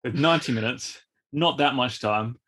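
A man co-hosting a casual film review podcast, talking in a rambling, animated way and repeating his words. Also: medium pitch, moderate pace. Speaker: podcast co-host.

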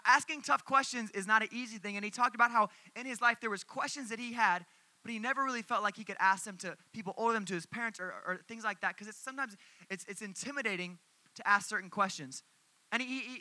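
Young male youth speaker, high voice, very bright tone, lively sermon storyteller. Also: brisk, no room sound. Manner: animated storytelling to a crowd.

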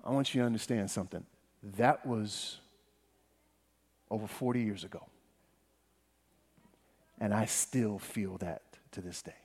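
A man preaching a sermon as pastor. He addresses the congregation directly, swinging between hushed passages and emphatic ones. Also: lowish voice, measured pace, long pauses, husky, in a large hall.

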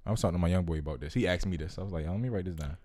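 A man's voice: deep voice, rapid-fire. A young man co-hosting a casual podcast, telling stories and acting out what other people said. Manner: animated storytelling, acting out quoted voices. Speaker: podcast co-host. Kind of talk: casual chat.

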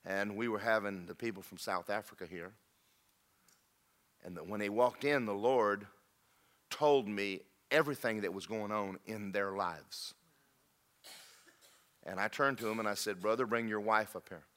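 A man preaching a sermon in a church, telling stories and swinging from loud emphatic peaks to low quiet lines. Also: moderate pace, pauses often. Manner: storytelling, rising to emphatic peaks then dropping low.

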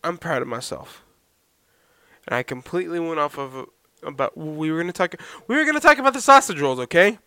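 Loud, high-voiced podcast host man. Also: expressive, brisk, no room sound, studio quality. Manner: loud, talks to listeners with repeated "okay?". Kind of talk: solo podcast monologue. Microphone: poorly set podcast microphone.

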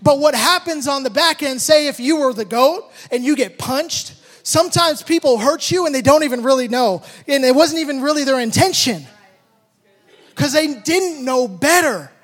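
A man telling a lively story about his kids, acting out the moments with shouted sound effects, then drawing a life lesson from it. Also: very high voice, normal speed, in a large hall. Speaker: father telling a personal story.

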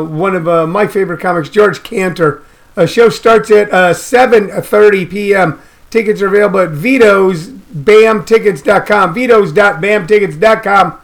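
Man, high pitch, rambling comedic radio host, riffs and repeats himself. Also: moderate pace. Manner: loose, riffing, repeats phrases, frequent uh fillers.

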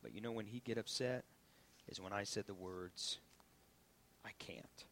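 A man preaching a sermon as pastor, swinging from loud preaching to hushed whispers. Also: lowish voice, measured pace, background noise.

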